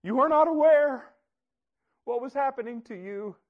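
A man quoting the gentle, still small voice of God in a soft, quiet way. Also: very high voice, moderate pace, narrow, tinny audio. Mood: tender.

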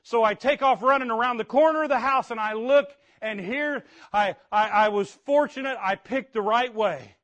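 A middle-aged man preaching, telling a story in an animated way with sudden shouts and frequent restarts. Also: very high-pitched, moderate pace, hardly any pauses, muffled recording. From Indiana. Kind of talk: sermon storytelling.

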